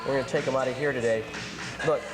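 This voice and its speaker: A man with a stuffed-up nose hosting a campy comedy TV show, making dark jokes with chuckling asides. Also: medium pitch, fairly even intonation, fast, over music. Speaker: host.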